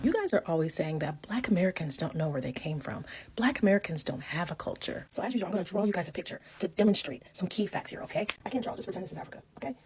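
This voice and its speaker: A woman's voice: on the low side, animated, very fast, few pauses, a little mellow, husky. A woman explaining a point in a sarcastic, mocking, teacherly way, as in a social media video.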